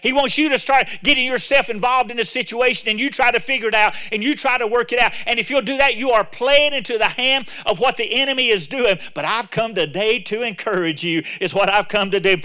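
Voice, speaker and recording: A man preaching to his congregation in a high, bright voice. He talks it through like a conversation, doubling back on his words, then presses hard into emphatic exhortation. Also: brisk, hardly any pauses. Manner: repeats words and restarts phrases. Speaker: pastor. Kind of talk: sermon.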